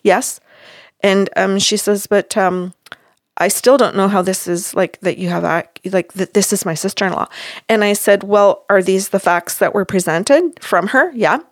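Recounting a counseling session, a woman in her sixties plays both parts of the conversation with firm emphasis, her medium-pitched voice keeping a measured pace. The studio sound is clean and dry.

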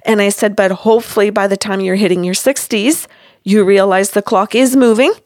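A woman in her sixties, a counselor, speaks at a normal speed in a steady, slightly mellow, medium-pitched voice as she firmly and emphatically acts out both sides of a past session. The recording is dry and studio quality.

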